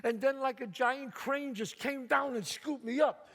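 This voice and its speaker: In an extremely high, fairly bright voice, a Bronx-born man performs a dramatic, streetwise story by himself on stage at a measured pace. The hall adds stage reverb.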